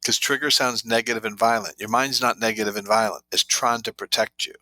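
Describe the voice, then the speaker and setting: A trauma therapy author guests on an interview show, speaking briskly in a fairly low, steady voice that sounds pushed and bright. His anecdotes are full of quoted lines, and the recording is rough with no room sound.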